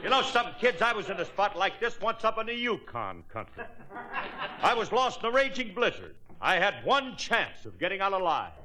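A man's voice: high-pitched, wildly swooping pitch, brisk, heavy background noise. Blustering, boastful man. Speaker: comedy show star. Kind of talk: 1940s radio comedy.

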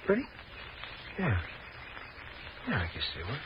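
An actor playing a smooth young male con man with a breezy, slangy way of talking, in 1940s radio acting. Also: medium pitch, huge pitch swings, measured pace. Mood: laid-back. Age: young adult. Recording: dull hissy old radio broadcast.

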